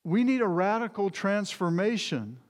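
A man's voice: sits high, very animated, normal speed. A male pastor preaching a sermon in an earnest, emphatic way, often repeating words as he goes. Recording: long reverb of a large hall.

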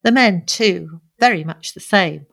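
A woman voicing a young society lady in a storybook, earnest and heartfelt. Her lines lift higher and louder than the narration, with an emotional, pleading edge. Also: measured pace, vocal fry, exaggerated voice. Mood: weary. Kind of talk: audiobook character reading.

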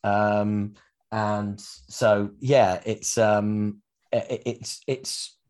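A man's voice: fairly low pitch, fairly even intonation, drawn-out words, darkish tone. A man co-hosting a football podcast, chatting casually with teasing banter and the odd swear word. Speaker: football podcast co-host, Leeds fan. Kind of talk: casual chat.

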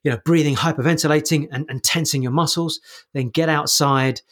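A man on a podcast giving coaching advice, explaining things in quick, animated bursts with many restarts. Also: fairly high pitch. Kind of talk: casual conversational podcast talk.

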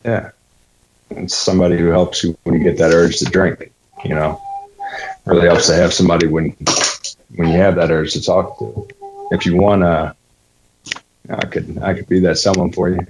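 A man's voice: low-pitched, flat delivery, moderate pace, long pauses, darkish tone, a little hiss or hum, natural voice, low-quality recording. A man with a Southern American accent reading the part of a wry, forward recovering alcoholic in a script read-through. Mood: teasing.

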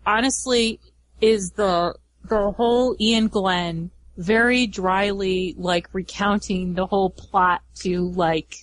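A woman's voice: medium pitch, fairly even intonation, slow pace, low-quality recording. A woman co-hosting a podcast, chatting casually and often restarting her phrases. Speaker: podcast co-host. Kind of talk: casual chat.

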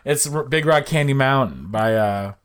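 A man's voice: mid-range voice, moderate pace, a bit bright, clear, resonant tone. A young man co-hosting a podcast, chatting casually and laughing easily. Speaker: podcast co-host. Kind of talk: casual chat.

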